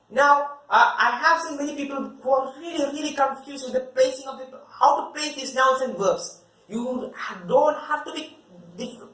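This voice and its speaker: A woman's voice: sits high, fairly bright tone, far from the mic. Woman teaching German in an echoey room. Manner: slow, deliberate German examples between plain explanations. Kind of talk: language lesson explanation. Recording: echoey room, voice away from the mic.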